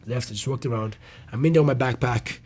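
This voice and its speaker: A young man, a comedian guest, telling a personal story in an interview, animated and loose, with swearing and restarts. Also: mid-range voice, brisk, slightly rough.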